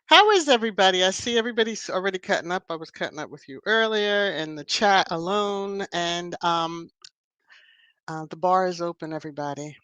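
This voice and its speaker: A woman's voice: fairly low pitch, animated, brisk, fairly bright tone, clear, resonant tone, no echo. A woman hosting a livestream in a casual, playful, chatty way, laughing often. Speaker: livestream host. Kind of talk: casual live-chat talk.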